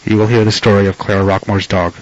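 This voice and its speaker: A man's voice: fairly low pitch, little pitch movement, fast talker, dull audio. A man presenting on the radio, reading a scripted story in a dry, mock-grand tone.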